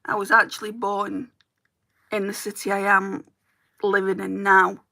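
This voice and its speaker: A woman from England with a Northwest English accent chats during a get-ready-with-me beauty livestream, doing her makeup and answering viewers' comments. Her mid-range voice is monotone, measured in pace, bright and forceful, with vocal fry.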